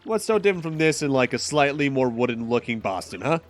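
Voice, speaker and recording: A man's voice: mid-range voice, very animated, fast. A man from Massachusetts streaming a game, chatting casually with jokes and rambling asides over faint game music. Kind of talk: casual gameplay commentary.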